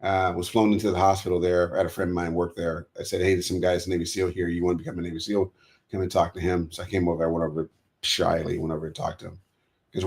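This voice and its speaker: Deep, gravelly American man; interview guest, lively storyteller who acts out quotes. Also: fast.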